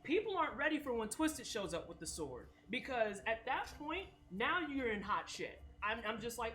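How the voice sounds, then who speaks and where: A woman streamer chatting casually while baking, animated and slangy, swearing freely. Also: fairly high pitch, normal speed, hardly any pauses.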